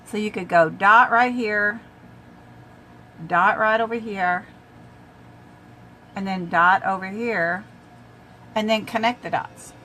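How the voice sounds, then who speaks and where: A woman's voice: medium pitch, slow, long pauses, sharp tone, slight background noise. An older woman chatting casually through a makeup tutorial, talking to her viewers as she works and now and then coughing from a tickle in her throat. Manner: chatty, talks to viewers while applying makeup. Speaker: makeup vlogger.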